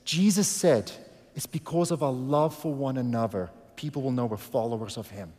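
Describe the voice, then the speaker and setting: A man preaching a sermon as a pastor, telling a story and rising into loud, emphatic bursts. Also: mid-range voice, normal speed. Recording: long hall reverb.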